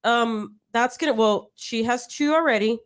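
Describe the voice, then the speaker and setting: Lively laughing woman co-host. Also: a little high, moderate pace. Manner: lively, laughing, reads comments. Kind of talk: casual live chat.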